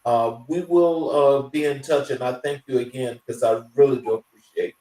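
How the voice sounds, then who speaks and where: A man's voice: medium pitch, fairly even intonation, warm tone. Roomy, far-off male show host. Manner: halting, many fillers and restarts. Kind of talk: casual show wrap-up.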